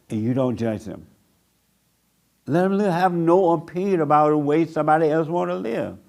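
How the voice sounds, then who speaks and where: An older man preaching a blunt sermon to a small group, mocking people by acting them out in a higher voice. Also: darkish tone. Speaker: pastor.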